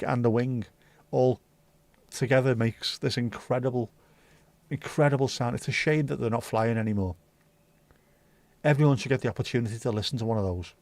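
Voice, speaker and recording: A man hosting a casual livestream, chatty and jokey, answering viewers as he goes. His voice sits at a middle pitch. The recording is dry, with no room echo. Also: a little mellow. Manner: chatty, jokey, reacting to chat. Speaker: livestream host.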